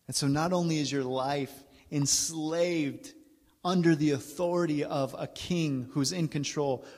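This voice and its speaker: Candid storytelling preacher in a reverberant hall. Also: male voice, medium pitch. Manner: candid, self-deprecating, laughs through the story. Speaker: guest speaker. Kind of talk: storytelling sermon.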